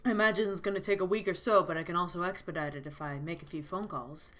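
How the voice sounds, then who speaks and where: A woman voicing a confident, reassuring man in a game, speaking in a calm, assured way. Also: lowish voice, fast, close to an everyday voice. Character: confident, reassuring male recruiter.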